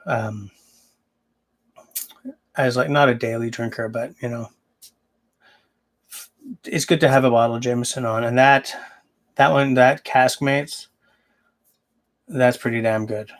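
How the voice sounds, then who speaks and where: Gravelly man rambling on a livestream. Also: mid-range voice, steady tone, a little slow, pauses often. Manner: rambling, thinks aloud with restarts. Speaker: livestream host. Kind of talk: casual livestream chat, answering viewers.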